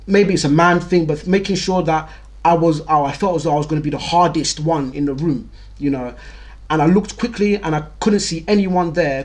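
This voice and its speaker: Young man, storyteller host, frank and vivid, slightly high voice. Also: darkish tone. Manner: candid, vivid, repeats words for emphasis. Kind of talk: personal storytelling monologue.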